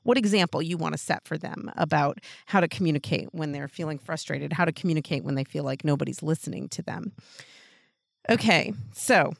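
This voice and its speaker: Earnest mom giving gentle parenting advice. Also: female voice, on the low side, vocal fry, no room sound, studio quality. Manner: earnest, gentle, laughs lightly between thoughts. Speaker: parenting podcast host. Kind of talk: casual advice talk.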